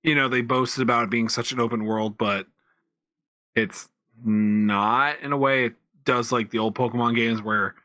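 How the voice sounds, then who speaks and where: Podcast co-host, man, bright voice, rambling casual delivery, dry close mic. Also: medium pitch, steady tone, normal speed, no room sound. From Pennsylvania, USA. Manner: rambling, lots of restarts and fillers. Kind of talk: casual chat.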